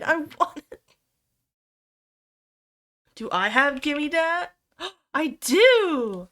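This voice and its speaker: A young adult woman streamer chatting casually with viewers, excitable, swearing freely and squealing over cute things. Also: sits high, extremely slow, pauses often. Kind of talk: casual livestream chat with viewers.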